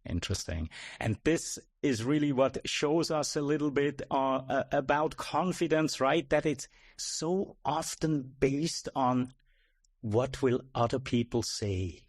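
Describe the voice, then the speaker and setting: A man's voice: mid-range voice, unhurried, dry recording. Male coach guest, reflective, explains patiently, dry close mic. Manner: reflective, explains with rhetorical "right?". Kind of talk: casual podcast interview.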